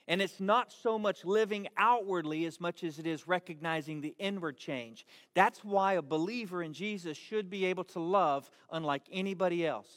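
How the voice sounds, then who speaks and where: Man, pastor, sermon, high voice, emphatic and earnest, repeats himself, reverberant hall. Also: fairly bright tone. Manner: earnest, emphatic preaching with repeated words and restarts. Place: church hall.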